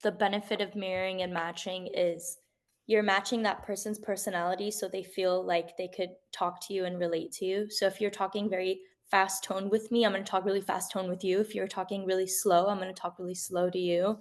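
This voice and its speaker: A woman's voice: medium pitch, little pitch movement, brisk. A woman taking part in a coaching session, explaining an answer simply and eagerly. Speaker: coaching participant.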